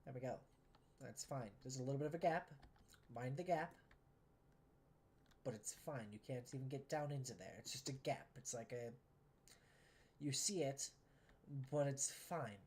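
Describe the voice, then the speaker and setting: A woman's voice: very deep voice, brisk, darkish tone, slight background noise. Exasperated sarcastic woman streamer. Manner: sarcastic, exasperated, swears often. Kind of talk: casual game commentary.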